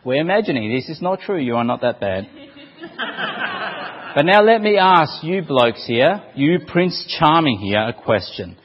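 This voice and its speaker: Male preacher, lively delivery, breathy, echoing dull hall sound. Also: a little high, a little slow. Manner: playful, animated storytelling. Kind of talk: sermon.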